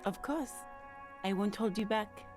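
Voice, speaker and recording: A composed young woman in a detective game, played by a woman, polite and calm, with a mid-pitched, even voice. Soft music sits faintly behind her. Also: a little slow, natural voice.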